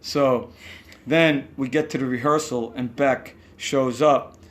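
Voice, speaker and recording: A man's voice: mid-range voice, fairly even intonation, slow, fairly bright tone. A man with a New York accent tells rambling backstage stories in a casual interview, acting out quotes and swearing now and then. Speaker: musician guest. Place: hotel room.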